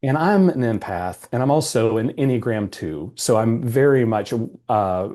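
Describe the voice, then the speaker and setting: A man who works as a coach, a podcast guest telling an emotional story in an animated, earnest way. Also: mid-range voice, a little slow. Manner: animated, acts out quoted dialogue. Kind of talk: storytelling in a conversational interview.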